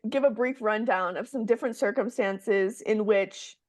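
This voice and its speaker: A woman's voice: mid-range voice, normal speed. A woman hosting a podcast, chatting casually and prompting her guest with curious questions. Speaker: podcast host. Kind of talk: casual interview chat.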